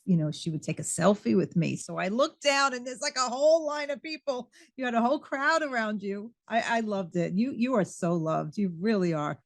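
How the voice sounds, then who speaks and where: A woman's voice: mid-range voice, dry recording. Eager woman host, dry close sound. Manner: eager, affirming, fan-like. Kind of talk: casual interview chat.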